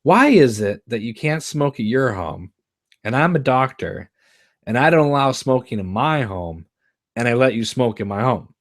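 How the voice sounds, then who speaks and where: A man's voice: mid-range voice, animated, moderate pace, pitched above the performer's own voice, natural voice. A man reading the part of a befuddled, affectionate middle-aged father who is a doctor, with an exasperated, blustery delivery.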